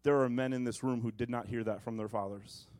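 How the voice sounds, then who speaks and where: A male pastor preaching a sermon to his congregation, moving between emphatic proclamation and quiet, joking asides. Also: steady tone, a little fast. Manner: preaching, shifting from booming to hushed asides.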